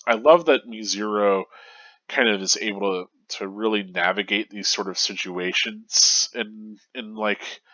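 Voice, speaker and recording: A man's voice: lowish voice, unhurried, bright, forceful tone, dry recording, highs cut off. A young man with a stuffy nose talking through a manga chapter in a casual, rambling way, full of fillers and restarts. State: stuffy and congested. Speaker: manga review host. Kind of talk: casual analysis monologue.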